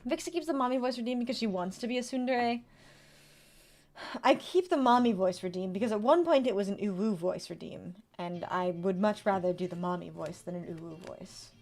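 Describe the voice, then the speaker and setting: The streamer, a woman in her twenties, talks casually on a livestream as she reads card text and answers chat. Her medium-pitched voice has a darkish tone and runs a little fast, while faint background music plays.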